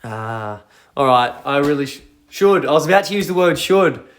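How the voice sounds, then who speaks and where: A man's voice: fairly high pitch, lively intonation, normal speed. A young man hosting a casual phone livestream, rambling playfully and reading out viewer comments. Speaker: livestream host.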